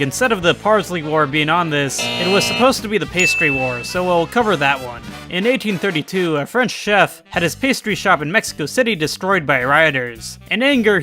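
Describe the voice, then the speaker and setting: A man narrating a scripted history video, dropping wry, sarcastic asides between the facts. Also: fairly high pitch. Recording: faint music behind.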